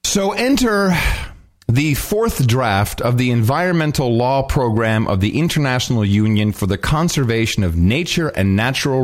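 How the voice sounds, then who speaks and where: A man hosting a podcast, chatting casually and mocking a news story with sarcasm. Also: medium pitch. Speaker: podcast host. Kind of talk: casual chat.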